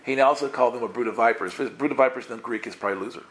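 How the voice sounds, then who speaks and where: A man giving casual, playful Bible teaching, acting out the characters in quick voices. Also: mid-range voice, fairly bright tone, a little hiss or hum.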